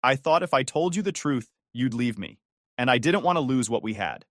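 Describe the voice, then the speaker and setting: A man's voice: mid-range voice, animated, a little fast, no echo, studio quality, lightly acted. A man reading a tearful, pleading young woman.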